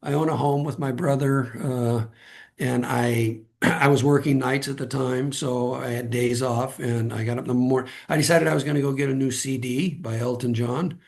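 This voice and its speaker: Gravelly-voiced man telling earnest stories. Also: mid-range voice, fairly even intonation, normal speed, a little mellow. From Southern California. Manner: earnest, rambling, long asides. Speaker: podcast guest. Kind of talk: personal storytelling.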